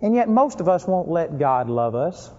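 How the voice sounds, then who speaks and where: A man's voice: very animated, moderate pace. Emphatic preacher man in a reverberant hall. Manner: emphatic, swings between loud stress and low asides. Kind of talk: sermon. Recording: lo-fi recording with long hall reverb.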